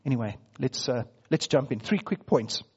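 A man's voice: medium pitch, lively intonation, moderate pace, breathy edge, muffled recording. A man preaching a sermon in a conversational way, asking the congregation questions as he goes. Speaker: pastor.

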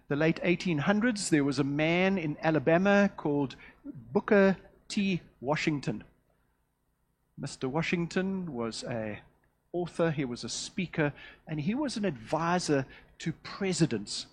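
Husky-voiced male preacher. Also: fairly high pitch, animated. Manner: measured preaching with strong swings between loud emphasis and hushed close. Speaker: pastor. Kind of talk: sermon.

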